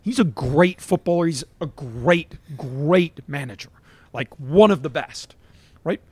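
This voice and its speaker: A man's voice: a little high, expressive, unhurried, darkish tone, a little hiss or hum. A middle-aged man, a golf coach on a podcast, telling stories emphatically and checking in with "right?". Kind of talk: animated anecdote-telling in conversation.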